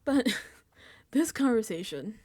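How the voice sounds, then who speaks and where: A woman's voice: a little high, sing-song, slow, dark tone, breathy edge. A woman hosting a casual reality TV recap, talking animatedly, laughing often and acting out quoted lines.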